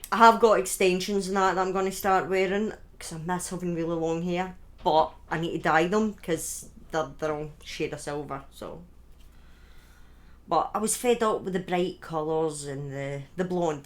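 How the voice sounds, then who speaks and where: A woman chatting casually to her viewers on a live stream from home, excitable and thanking people by name. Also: sits low. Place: at home in front of a webcam.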